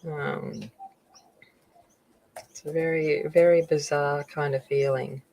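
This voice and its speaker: A woman's voice: deep voice, fairly even intonation, slow, gravelly, darkish tone, poor audio. A middle-aged Australian woman hosting a live coloring stream, chatting casually and greeting viewers by name as she rambles through asides. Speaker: coloring channel host.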